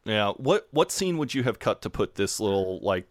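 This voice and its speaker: A man's voice: on the low side, moderate pace, no room sound. A man co-hosting a podcast, casually recapping a TV episode and retelling scenes with gusto. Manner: animated retelling, slips into character voices. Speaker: podcast co-host.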